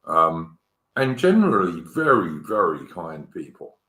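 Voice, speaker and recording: A middle-aged man talks in a very low voice. He hosts a casual political chat, earnest and repetitive, dropping "mate" as he goes. The room around him rings with echo. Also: sing-song, measured pace, pushed and bright. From England. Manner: earnest, repeats words, says mate. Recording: roomy echo.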